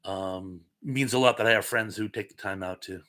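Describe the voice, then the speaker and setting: A man's voice: on the low side, moderate pace, pushed and bright. A man hosting a casual live stream chat, reading viewer comments aloud with plenty of ums, his voice a little scratchy from pollen. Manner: chatty, reads chat messages aloud, frequent ums.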